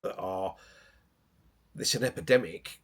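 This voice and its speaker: A man, a boxing coach telling stories in casual chat, animated and swearing freely. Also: deep voice, measured pace.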